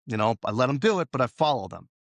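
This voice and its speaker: A man's voice: mid-range voice, very animated, fast, vocal fry, dry recording. A man as a safety consultant guest, talking casually in an interview and telling stories with acted-out dialogue. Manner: storytelling, acts out quoted dialogue.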